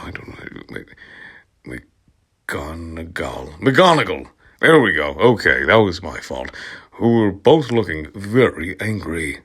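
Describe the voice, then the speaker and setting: Husky low-voiced man reading aloud, amused. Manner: amused, often laughing and breaking off to comment; drops into soft whispers at times. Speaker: channel host reading aloud. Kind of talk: comic reading of fan fiction, ASMR.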